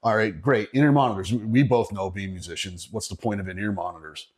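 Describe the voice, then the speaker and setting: A middle-aged man with a fairly low voice shares a gig story on a podcast. He talks in a loose, conversational way, swears freely and laughs often as he goes. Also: fast talker, husky. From Northeastern Pennsylvania. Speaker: podcast guest. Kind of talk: casual storytelling chat.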